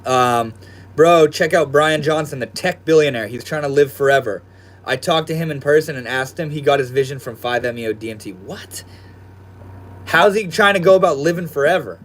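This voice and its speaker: A man's voice: on the high side, normal speed. Slangy young man hosting a livestream. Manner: laid-back, slangy, addresses viewers as bro and dude. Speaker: livestream host. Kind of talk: casual livestream chat reading viewer comments. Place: at home in his room.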